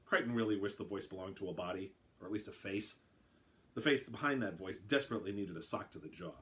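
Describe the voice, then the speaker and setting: A man narrating his own story aloud in a brisk, wry way. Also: on the low side, a bit bright.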